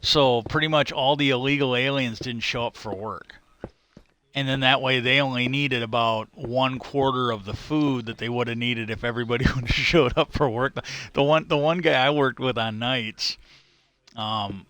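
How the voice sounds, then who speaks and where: Bright-voiced man swearing through a story. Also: medium pitch, moderate pace. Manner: profane, chuckles mid-sentence, restarts often. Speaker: livestreamer. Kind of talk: casual storytelling while gaming.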